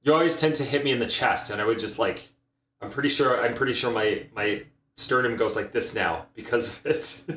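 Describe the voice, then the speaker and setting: A man's voice: mid-range voice, brisk, fairly bright tone, roomy sound, a little hiss or hum. A man co-hosting a casual podcast chat, laughing often and adding dry short remarks. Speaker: podcast co-host.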